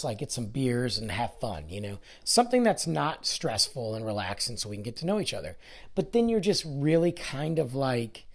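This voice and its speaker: On his casual solo podcast, this man rambles and complains about himself, sounding nasal and stuffed up from illness. His voice leans high and a little mellow.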